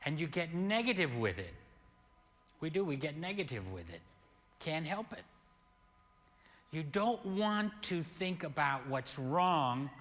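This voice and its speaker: An older male pastor tells a story in a slow, deliberate sermon voice that sometimes surges loud. His tone is bright and forward. The sound hangs in a long hall reverb. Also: on the high side. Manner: slow, animated storytelling with sudden loud peaks.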